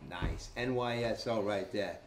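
A man's voice: on the low side, a little slow. Guy rambling a story at a race event, keeps saying right?, echoey and noisy, mic kinda far. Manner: loose, rambling, checks in with "right?". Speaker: drag racer telling stories. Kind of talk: casual storytelling. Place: at a racing event. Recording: echoey, distant mic, background noise.

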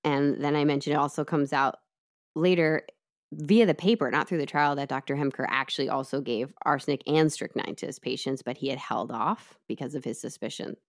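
A woman with a notably low voice retells a criminal trial step by step for her co-host. She is chatty and easygoing, with plenty of asides. The delivery is casual storytelling rather than a read script. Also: fairly even intonation, brisk. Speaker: podcast co-host telling the case. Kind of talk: casual true-crime storytelling.

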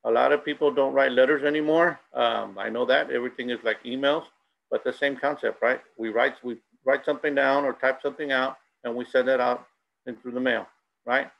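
A man's voice: mid-range voice, fairly even intonation, a little fast, gravelly, highs cut off. A middle-aged man giving a bilingual presentation and telling anecdotes. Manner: switches between Spanish and English, tells anecdotes. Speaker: school presenter.

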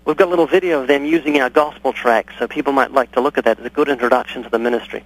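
Gravelly, husky-voiced male radio guest. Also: medium pitch, steady tone, rapid-fire, poor audio. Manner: storytelling, acts out both sides of conversations. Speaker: guest evangelist. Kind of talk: radio interview answers. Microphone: studio or phone radio interview.

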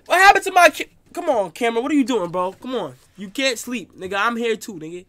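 A young adult man streaming live, reacting in an excitable, slangy, cursing way. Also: very high-pitched, fast, no room sound.

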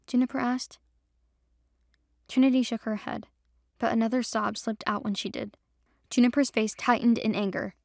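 Gravelly-voiced woman narrating a drama. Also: a little high, fairly even intonation, moderate pace, darkish tone, no room sound, studio quality. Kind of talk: scripted audio drama narration.

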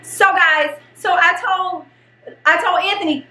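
A middle-aged woman and mother, hosting a home vlog, telling a story in an animated, excitable way. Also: extremely high pitch, normal speed, echoey room, recorded from a distance. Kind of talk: casual storytelling. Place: home kitchen.

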